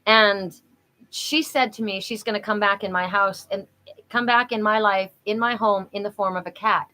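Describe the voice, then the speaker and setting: Bright, chatty woman reading oracle cards. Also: mid-range voice, normal speed, rough recording. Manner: chatty and animated, exclaiming. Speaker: oracle card reader and host. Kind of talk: live spiritual card reading.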